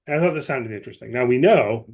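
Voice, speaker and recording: A man's voice: mid-range voice, lively intonation, fast talker, a little mellow. A man co-hosting a podcast, explaining at length in casual chat, with many asides and restarts. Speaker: podcast co-host.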